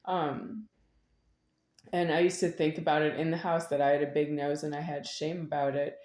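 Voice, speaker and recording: Middle-aged woman, very low voice, rambling and repetitive delivery, echoey room. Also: flat delivery, moderate pace, a little mellow. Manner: meandering, repetitive, with sudden laughs. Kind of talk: rambling spoken monologue.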